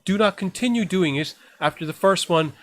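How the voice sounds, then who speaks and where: Deadpan, dry-witted podcast co-host man. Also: sits high, a little fast. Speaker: podcast co-host, film reviewer. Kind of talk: casual chat.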